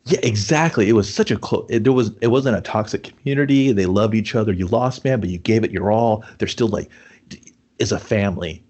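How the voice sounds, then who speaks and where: A man co-hosting a casual movie review chat, swearing a lot and acting out scenes in gruff put-on voices. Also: lowish voice, brisk. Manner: profane, animated, acts out scenes in gruff voices. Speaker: podcast co-host.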